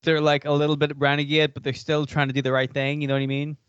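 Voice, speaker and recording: A man with an Irish accent chatting casually as a podcast co-host, rambling in an animated way. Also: a little high, fast, clear, resonant tone, dry recording, lo-fi sound. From Ireland. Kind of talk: casual chat.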